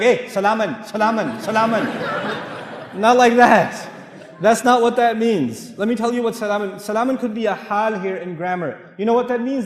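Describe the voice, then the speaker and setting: Animated man preaching in an echoey hall. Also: high voice. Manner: animated, swings between loud and hushed, laughs often; acts out dialogue in his stories. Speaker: Islamic speaker. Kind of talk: lively sermon lecture.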